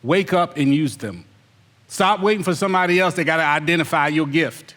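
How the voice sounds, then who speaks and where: High-voiced preacher in a reverberant hall. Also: male voice, a little fast, a bit bright, soft background music. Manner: preaching, calls out the congregation, mimics excuses in whiny voices. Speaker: pastor. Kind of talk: sermon.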